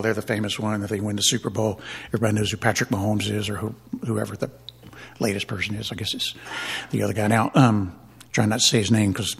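A man's voice: fairly low pitch, vocal fry, husky. A man giving a rambling personal testimony in church, with many restarts and chuckles.

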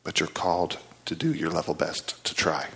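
A man's voice: sits low, animated, normal speed, vocal fry, bright, forceful tone, husky. A man preaching a storytelling sermon in an earnest, conversational way, often checking in with his listeners.

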